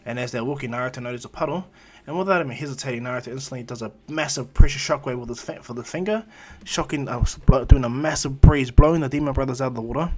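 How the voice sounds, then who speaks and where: A man's voice: medium pitch, fast. Rambling male fan-story narrator. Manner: rambling, filler-heavy, restarts.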